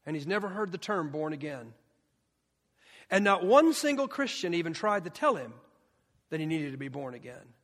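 A man's voice: high voice, a bit bright. A man preaching a sermon with passion, asking the crowd questions and repeating his phrases for weight. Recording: long hall reverb.

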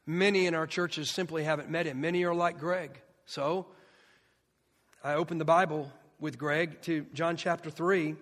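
A man preaches with fervor, pitched high, leaning on rhetorical questions and repeated lines. His voice carries through a large church, trailing a long echo off the walls. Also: steady tone, normal speed, a bit bright. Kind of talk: sermon. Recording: long hall reverb.

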